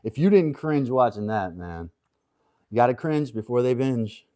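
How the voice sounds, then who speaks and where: A man hosting a relaxed livestream with a mid-range voice. He talks loosely and jokes a lot, laughing often between his thoughts. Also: mid-range voice, normal speed. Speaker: livestream host. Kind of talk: casual chat.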